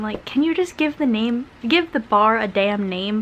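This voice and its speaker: A woman's voice: fairly high pitch, expressive, moderate pace, few pauses, fairly bright tone, highs cut off, a little hiss or hum. Chatty young woman vlogging from bed. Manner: chatty, lots of "like" and "um". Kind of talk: casual chat to camera. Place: in bed at home.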